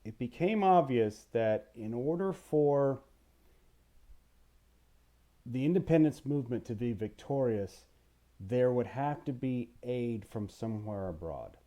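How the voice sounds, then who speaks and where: A man teaching a history lesson in a playful, animated way, asking the listener questions and now and then putting on voices. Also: medium pitch, measured pace. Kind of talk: recorded history lecture.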